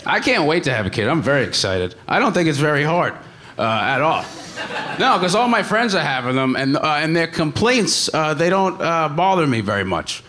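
A young man doing stand-up on a theater stage with a deadpan delivery, full of hesitant fillers. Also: moderate pace. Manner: deadpan delivery with many uh fillers and a lively pitch. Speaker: stand-up comedian. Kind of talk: stand-up comedy set.

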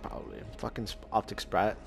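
A man's voice: fairly low pitch, very animated, a little fast, vocal fry, faint music behind. A young man chatting casually while gaming with a friend, swearing often and laughing as he mimics his buddies. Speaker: gaming channel host.

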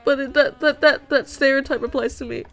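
A woman's voice: high voice, steady tone, brisk, a bit bright, low-quality recording. A young woman chatting casually on a livestream while drawing, reading chat aloud, giggling and swearing now and then. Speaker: streamer. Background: background music.

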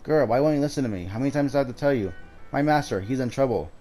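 A man's voice: mid-range voice, lively intonation, racing, lightly acted. A man voicing a proud, indignant male dog who calls himself king of the dogs, in a game scene over music. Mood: pleading. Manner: indignant, scornful.

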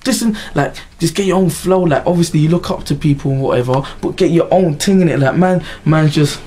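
A young man delivering a comedic rant to camera, slangy and animated, acting out little scenes. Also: fairly high pitch, fairly quick, a little hiss or hum.

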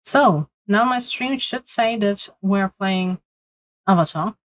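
Young woman, game streamer, bubbly and chatty, unhurried delivery, mid-pitched. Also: rough recording. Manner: bubbly, chatty, talks to viewers. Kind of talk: live-stream gaming chat.

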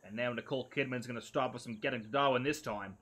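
A man putting on a deliberately bad Australian accent for a brash bloke, loud and hammy. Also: medium pitch, slightly rough. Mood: blustering.

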